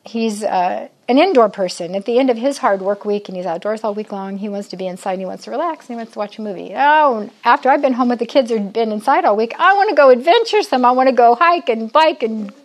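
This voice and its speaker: A woman's voice: fairly high pitch, fast talker, hardly any pauses. An older woman giving a chatty, conversational Bible teaching to a group of women, often asking her listeners questions. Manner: chatty, asks the audience questions.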